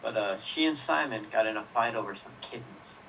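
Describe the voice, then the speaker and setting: A man's voice: lowish voice, brisk, vocal fry, pushed and bright. A man improvising a gossip story in a chatty, self-mocking way, with profane asides. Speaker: improv performer. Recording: distant mic with faint noise, online stream.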